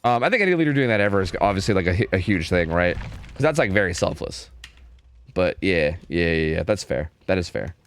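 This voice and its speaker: A man's voice: deep voice, very animated, fairly quick, clean tone. A young man from New York streaming a game, talking in a laid-back way with lots of filler words. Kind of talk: casual gameplay commentary.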